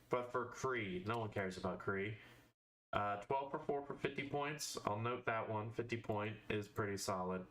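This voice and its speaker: A man's voice: medium pitch, fairly bright tone. Man musing aloud over game cards. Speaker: streamer. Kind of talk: casual live-stream commentary on a miniatures game.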